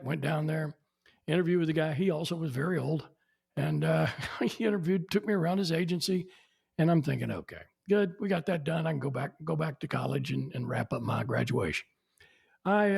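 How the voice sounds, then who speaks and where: In his 70s, this man guests on a podcast and spins anecdotes, acting out the people he quotes with animated energy. His voice sits fairly high and moves briskly, with a creaky, slightly rough texture.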